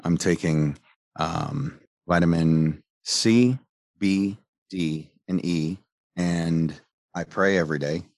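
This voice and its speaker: Male, former medic, bass voice, heated profane storyteller, dry mic. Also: slow, creaky, a little mellow, no echo. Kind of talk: angry personal account.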